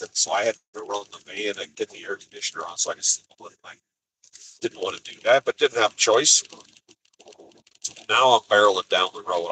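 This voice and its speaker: A man's voice: on the low side, sharp tone, slight background noise, poor audio. A man driving a cargo van, telling the story of his frustrating morning in an exasperated, casual vlog monologue. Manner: exasperated storytelling, acts out quotes. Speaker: expedite van driver. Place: inside a cargo van on the highway.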